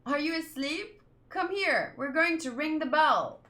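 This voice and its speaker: A woman's voice: sits high, lively intonation, a little slow, bright, forceful tone, heavily acted. A woman reading aloud as a male warrior earnestly calling out to an old friend.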